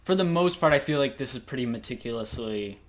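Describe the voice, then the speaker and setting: A man's voice: medium pitch, expressive, quick pace. Teenage boy, podcast co-host, casual chat, rambling, giggly. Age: teens.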